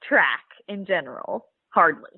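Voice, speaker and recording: A woman in her twenties, a guest on a podcast, telling stories in a bubbly, animated way and laughing often. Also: on the low side, a little slow, creaky, slightly rough, dry recording. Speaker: guest, Olympic pole vaulter. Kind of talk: casual interview over a phone line. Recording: tinny phone line.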